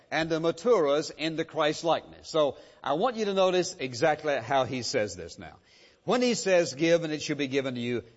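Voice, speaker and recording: A male pastor delivers his sermon in an emphatic, repetitive preaching cadence, his voice sitting a little higher than most men's. The recording is dull and muffled, and a long reverb trails each phrase as it fills a large church hall.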